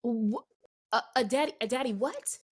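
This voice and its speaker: High-voiced, reactive American woman. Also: moderate pace. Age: young adult. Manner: expressive reactions, gasps and exclamations. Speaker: podcast co-host. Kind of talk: casual chat, reacting.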